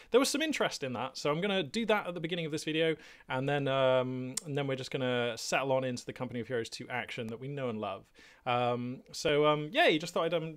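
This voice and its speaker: A man's voice: medium pitch, fairly bright tone. Chatty rambling Englishman with lots of fillers. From England. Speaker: gaming channel host. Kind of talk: casual unscripted monologue. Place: small cluttered hobby room at home. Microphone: webcam setup.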